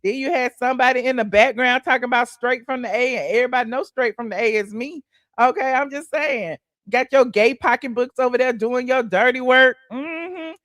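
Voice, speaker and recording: A woman's voice: sits high, fairly quick, fairly bright tone, no room sound. A woman hosting a casual celebrity gossip livestream, sassy and chatty, calling the audience honey and child, humming mm-hmm and laughing between points.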